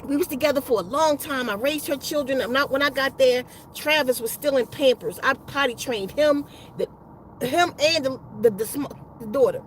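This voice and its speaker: A woman's voice: sits high, normal speed, a little hiss or hum, poor audio. A woman casually telling a rambling personal story, profane and full of slang and restarts. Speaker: spiritual vlogger.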